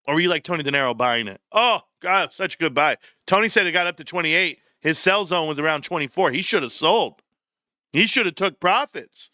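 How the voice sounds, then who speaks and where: A young man hosts a loose livestream, reading chat aloud and riffing with quick jokes. His voice is bright and sits a bit high, and it swings up and down with lots of animation. The sound is dry and close. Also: animated, no echo. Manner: joking, jumpy, reads chat aloud and riffs. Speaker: livestream host.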